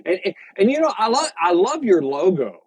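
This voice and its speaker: A man who is a guest on a podcast, talking in a relaxed way with frequent stammered restarts. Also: high voice, fairly quick, husky, no room sound, poor audio. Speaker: podcast guest, pastor and hiking YouTuber. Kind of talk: casual interview chat.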